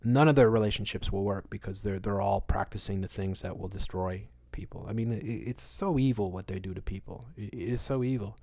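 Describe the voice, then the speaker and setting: A man hosting a livestream, answering chat in a casual rant, moralizing and repeating words for emphasis, at times loud, at times muttering. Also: lowish voice, brisk, creaky, hardly any pauses, no echo. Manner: swings between loud outbursts and muttered asides.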